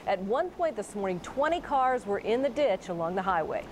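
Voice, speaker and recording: A woman reads news stories as a television anchor. Her delivery is clear and measured, with a faint hiss behind her voice. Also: medium pitch, very animated. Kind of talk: TV news reading.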